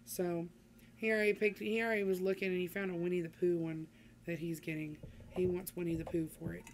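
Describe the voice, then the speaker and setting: A woman's voice: on the low side, little pitch movement, fairly quick, slight background noise. A middle-aged woman chatting casually to her vlog audience, rambling with many ums and restarts. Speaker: vlogger. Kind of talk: casual chat to camera.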